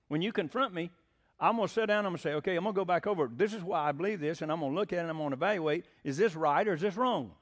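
A man preaching a sermon, asking the congregation questions and acting out short quoted exchanges. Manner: lively, swinging pitch, acts out quotes. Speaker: pastor.

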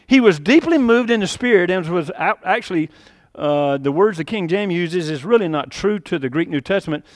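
A man preaching a sermon, lively and animated, acting out quoted lines with sudden rises and drops in his voice. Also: high voice, a little fast, no room sound, studio quality. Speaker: pastor.

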